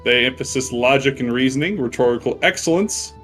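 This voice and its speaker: A man's voice: mid-range voice, unhurried, fairly bright tone, faint music behind. A man narrating as game master of a tabletop game, chatty, with many fillers and frequent laughs.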